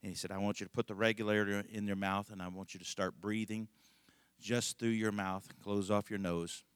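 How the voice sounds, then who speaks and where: A man's voice: lowish voice, level tone, fairly quick, smooth, no room sound. A middle-aged male pastor telling a rambling, folksy story in a conversational sermon, laughing often.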